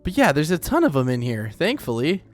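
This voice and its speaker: A man's voice: fairly high pitch, huge pitch swings, a little fast, soft background music. Chatty young Oklahoma man narrating gameplay. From Oklahoma, United States. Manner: chatty, self-deprecating, rambling. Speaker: let's play host. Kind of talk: casual gameplay commentary.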